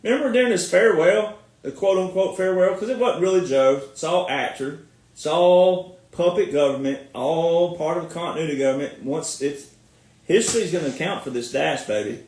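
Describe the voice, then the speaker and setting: A sarcastic American man, a military veteran, rants through a mocking commentary and laughs at his own jabs. His voice sits high for a man. It echoes around a room, picked up from some distance. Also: moderate pace, darkish tone. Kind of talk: ranting online commentary. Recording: echoey room, far from mic.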